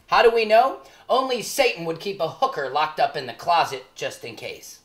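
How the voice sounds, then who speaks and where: A woman's voice: medium pitch, fairly bright tone, echoey room. A woman hosting a comedy news spoof, reading stories in a mock-serious anchor manner. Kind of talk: deadpan mock newscast.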